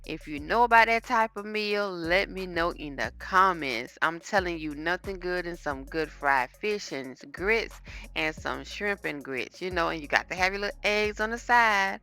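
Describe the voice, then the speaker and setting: Low, bright-voiced woman vlogging her cooking. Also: animated, moderate pace, faint music behind. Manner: chatty, talks straight to viewers. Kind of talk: casual cooking vlog chat. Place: home kitchen. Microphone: phone camera.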